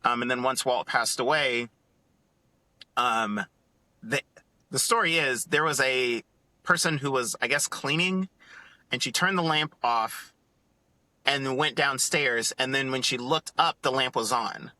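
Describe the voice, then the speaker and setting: A man on a casual podcast, telling a story in an animated, excited way and acting out what others said. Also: mid-range voice, measured pace, pauses often, no room sound. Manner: animated, acts out quotes in other voices. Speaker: podcast co-host.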